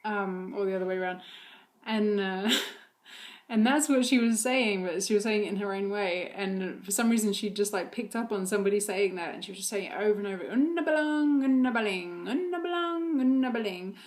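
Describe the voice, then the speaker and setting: Brief: mum vlogger, casual chat, loose fillers, easy laughs. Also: female voice, mid-range voice, fairly even intonation, brisk. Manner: chatty, many fillers, laughs often. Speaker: vlogger and mother. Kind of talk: casual chat about her toddler.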